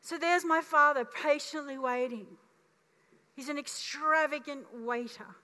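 A woman in her fifties preaching a sermon as pastor, telling her story in a lively way and acting out the voices. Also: high voice, a little slow. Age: 50s. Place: church auditorium. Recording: long reverb of a church hall.

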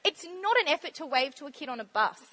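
Bubbly high-voiced woman. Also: animated, quick pace, sharp tone. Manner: bubbly, laughs often, chatty. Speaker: church speaker sharing testimony. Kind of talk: informal sermon talk.

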